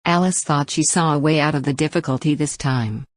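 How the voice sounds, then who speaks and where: A woman's voice: sits low, a little fast, no echo. A woman narrating a children's audiobook who reads each punctuation mark aloud.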